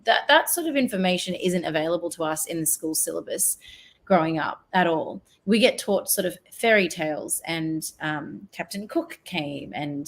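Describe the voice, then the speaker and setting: A woman's voice: on the low side, expressive, normal speed. A woman with an Australian accent, a guest on an online talk show, talking earnestly and reflectively and trailing off mid-sentence. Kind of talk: casual interview chat. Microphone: video call.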